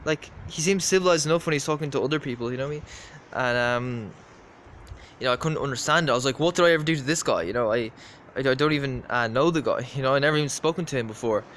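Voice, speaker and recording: A man's voice: mid-range voice, quick pace, fairly bright tone, slight background noise. Rambling Irish man telling a story. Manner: rambling, repetitive, many fillers. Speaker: vlogger. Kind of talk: casual storytelling.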